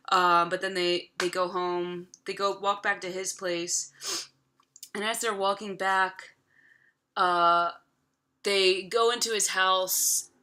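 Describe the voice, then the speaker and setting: A woman's voice: medium pitch, pushed and bright. A woman in her thirties casually retelling a film from memory, chatty and profane, full of filler words. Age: 30s. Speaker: vlogger.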